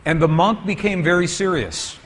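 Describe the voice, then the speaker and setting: A man's voice: high-pitched, moderate pace, a bit bright, slightly rough. A man giving a storytelling lecture with slides to an audience, asking them questions as he goes.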